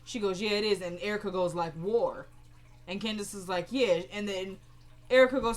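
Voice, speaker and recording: A young woman giving a casual, opinionated recap of a TV episode, acting out the characters' lines in quick quoted bits. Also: mid-range voice. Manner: animated, retells scenes in quoted voices, opinionated. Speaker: show recapper.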